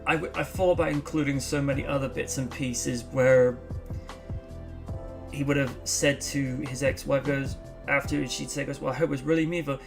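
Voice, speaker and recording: Host: man, chatty and rambling, loud mock quotes, faint music under the voice. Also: mid-range voice, flat delivery, normal speed, vocal fry. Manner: rambling, laughs and acts out movie lines in loud mock voices. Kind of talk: casual chat, live stream.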